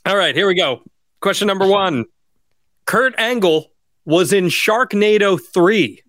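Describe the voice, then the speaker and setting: A man's voice: high-pitched, lively intonation, a little slow, fairly bright tone, no room sound. A man co-hosting a podcast and running a true-or-false game, with upbeat, playful game-show patter on a studio mic. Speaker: podcast co-host and quiz master.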